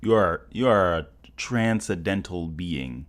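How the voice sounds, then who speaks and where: A young man hosts a live stream in a casual chat, with a voice that swings wildly in pitch. He talks slowly and stammers, jumping from excited shouts to low mumbles. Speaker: livestream host.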